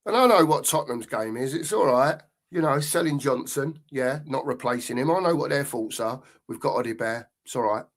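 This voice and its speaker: A man's voice: mid-range voice, animated, normal speed. A middle-aged man hosting a live football stream, ranting angrily and swearing, often repeating himself. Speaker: podcast host.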